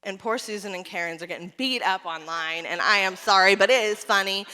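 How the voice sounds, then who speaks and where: A woman giving a motivational keynote speech at a conference, telling her story with animated energy and calling out to the audience. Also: medium pitch, fairly quick, smooth. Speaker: keynote speaker and salon owner. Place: conference hall. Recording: reverberant hall.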